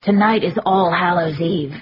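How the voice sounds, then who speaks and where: A woman voicing an ancient fae woman with calm, soothing authority, read as part of an audiobook. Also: lowish voice, normal speed, breathy edge, dull audio. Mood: commanding.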